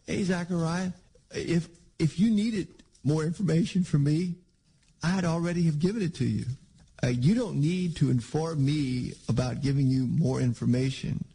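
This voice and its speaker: A preacher putting on a stern, scolding archangel. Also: male voice, sits high, expressive, normal speed, vocal fry, dark tone, slightly rough, pitched above the performer's own voice, heavily acted. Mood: indignant. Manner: scolding, raised and emphatic. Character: stern indignant male archangel, easily offended.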